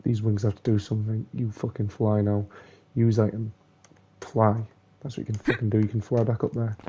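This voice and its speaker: A young man rants at a platform game while he plays, his voice dark and mellow even when angry. He swears constantly, slipping between loud complaints and low muttered curses. Faint noise sits under his gameplay commentary. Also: brisk. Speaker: gamer playing a platform game.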